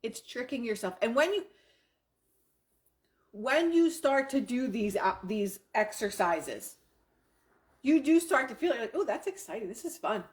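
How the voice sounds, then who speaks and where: A woman's voice: a little high, sing-song, a little slow, pauses often. A middle-aged woman coaching a live audience on affirmations, enthusiastic and repetitive, with casual swearing. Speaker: self-help coach.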